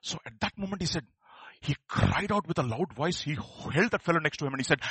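Male preacher, bright, husky voice, very lively pitch, dry sound; builds to fervent shouting. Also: a little fast, no room sound. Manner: animated, rising to fervent shouts. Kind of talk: sermon.

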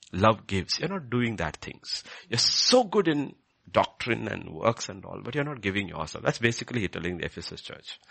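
A man preaching a sermon, animated and repetitive, building to emphatic peaks. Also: medium pitch, creaky, breathy edge, dry recording.

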